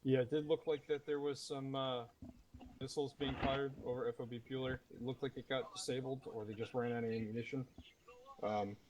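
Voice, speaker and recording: A man commanding a military sim unit, leading a mission debrief over game voice chat in a steady, matter-of-fact manner. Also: medium pitch, a little fast, a little hiss or hum, low-quality recording. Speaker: commanding officer running the debrief.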